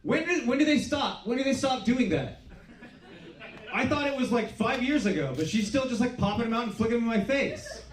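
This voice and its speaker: A middle-aged man doing a stand-up comedy set, deadpan and self-deprecating, swearing freely. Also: very high voice, fairly quick. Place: small comedy club stage. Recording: roomy club sound from a distance. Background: audience laughter.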